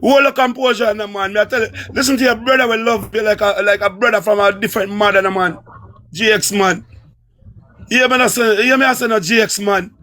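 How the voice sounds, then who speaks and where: A Jamaican man with a very high, bright voice pleads with a friend to calm down. He keeps calling his name, coaxing and urging him again and again. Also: brisk. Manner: urgent, coaxing, repeats name over and over. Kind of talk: pleading livestream talk.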